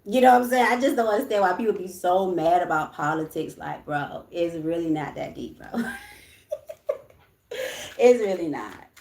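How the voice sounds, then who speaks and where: A woman's voice: on the low side, lively intonation, moderate pace, creaky, darkish tone, echoey room. A woman hosting a casual livestream, talking bluntly with lots of swearing, moving between ranting and soothing her viewers. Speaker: livestream host.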